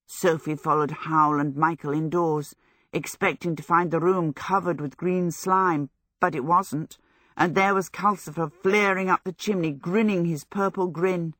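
A woman narrating a storybook in a low, measured voice. The sound is close and dry, with no room around it, and she keeps a steady storytelling rhythm. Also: no room sound. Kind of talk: audiobook narration.

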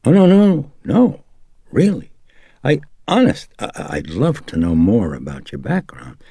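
A man's voice: medium pitch, big pitch swings, unhurried, gravelly, warm tone, slightly rough, no echo, studio quality, voice pushed up, heavily acted. A man voicing a weary middle-aged priest who questions earnestly and skeptically. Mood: probing.

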